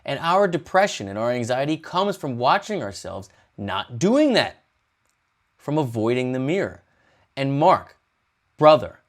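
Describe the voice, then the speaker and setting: A man talking to camera on his music channel, earnest and emphatic, swinging from loud bursts to hushed lines. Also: medium pitch. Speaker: music YouTuber. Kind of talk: impassioned talk to camera.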